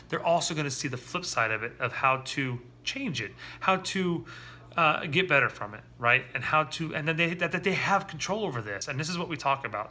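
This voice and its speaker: A man talking candidly and earnestly about his own parenting in a personal vlog, often halting and restarting. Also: a little high, pushed and bright. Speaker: father vlogger.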